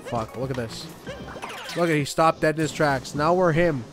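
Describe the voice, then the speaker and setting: A young man commenting on a game as he plays, swearing often and joking excitedly. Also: fairly high pitch, moderate pace, music in the background. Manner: profane, excitable, jokey. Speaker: gaming YouTuber. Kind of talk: let's play commentary.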